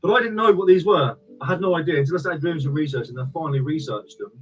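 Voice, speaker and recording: A man's voice: on the high side, quick pace, rough recording. Chatty man streaming live. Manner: casual and chatty, repeats phrases, thanks viewers. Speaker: online reseller and streamer.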